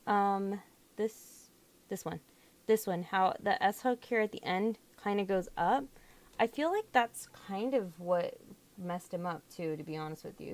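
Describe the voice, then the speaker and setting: A young woman chatting through a fiddly crafting job at home, often exclaiming as she works. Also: mid-range voice. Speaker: doll hobby vlogger. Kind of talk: casual crafting vlog.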